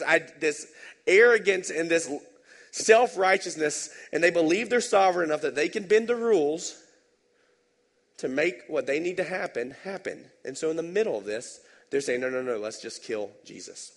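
A man's voice: fairly high pitch, brisk. Conversational man preaching in a reverberant hall. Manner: conversational, animated, tag questions. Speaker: pastor. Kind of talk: sermon.

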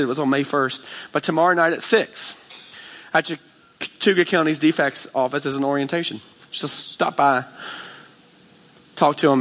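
A man's voice: medium pitch, fairly bright tone. A man, preaching a passionate, conversational sermon full of fillers. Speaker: pastor.

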